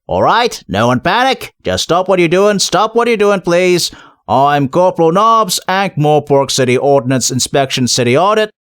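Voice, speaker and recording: A man's voice: fairly high pitch, big pitch swings, moderate pace, a bit bright, clean tone, dry recording, studio quality, voice pushed up. A man doing a snappy, swaggering scrawny corporal. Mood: bossy. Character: brash scrawny male city watch corporal.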